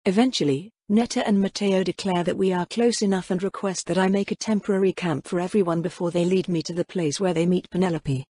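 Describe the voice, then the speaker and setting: A woman narrating a first-person fantasy audiobook with a husky, breathy edge to her voice. Her delivery is steady and wry, recorded close and dry with no room echo. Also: lowish voice, brisk, hardly any pauses.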